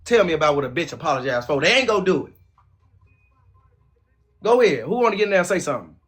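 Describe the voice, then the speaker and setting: 快语速、音调偏高的愤怒男主持. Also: male voice, fairly high pitch, very animated, quick pace, a bit bright, breathy edge. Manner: profane, aggressive, scornful. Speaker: podcast host. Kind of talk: heated opinion rant.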